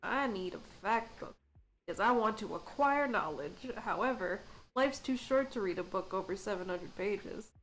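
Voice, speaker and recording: A woman's voice: mid-range voice, expressive, moderate pace, a bit bright, slight background noise. A woman streamer chatting casually while she plays a game, giggling and joking about what she reads aloud. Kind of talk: casual live gameplay chat.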